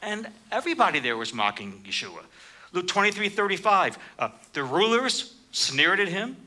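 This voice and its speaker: Animated male preacher, bright voice. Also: normal speed. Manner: animated, raises pitch for quoted speakers. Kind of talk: sermon.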